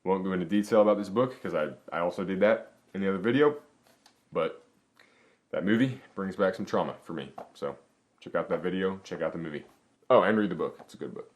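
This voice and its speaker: A man's voice: sits low, fairly quick. A young man hosting a vlog, chatting enthusiastically and casually with frequent restarts and fillers. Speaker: vlog host. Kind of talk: casual book review chat.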